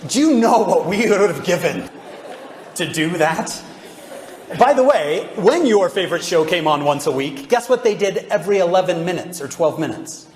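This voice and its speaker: A man's voice: high voice, animated, moderate pace. A man giving a humorous devotional talk, joking and quizzing his audience with questions. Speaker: religious speaker. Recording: echoey hall with faint background noise.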